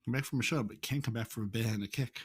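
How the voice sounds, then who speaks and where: Guy hosting a gaming podcast, kinda jokey, trips over his words, normal pitch. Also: racing, slightly rough. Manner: joking, often repeats words while thinking. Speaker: podcast host. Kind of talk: casual gaming podcast chat.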